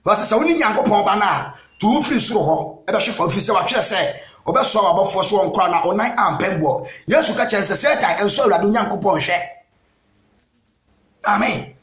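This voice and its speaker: Ghanaian evangelist, very high voice, preaching with bursts of shouting; roomy echo. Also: male voice, lively intonation, moderate pace. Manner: emphatic, punctuates with "Amen", bursts into shouts. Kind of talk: sermon mixing Twi and English.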